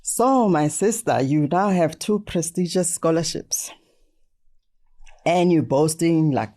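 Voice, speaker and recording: A woman hosts a podcast interview in a low voice. She is chatty and teasing and laughs often with her guest. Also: dark tone. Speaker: podcast host. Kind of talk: conversational interview.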